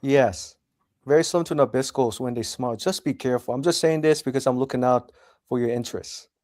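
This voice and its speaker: A man's voice: medium pitch, fast talker, darkish tone, no room sound. A man chatting casually on a livestream, asking questions and repeating himself.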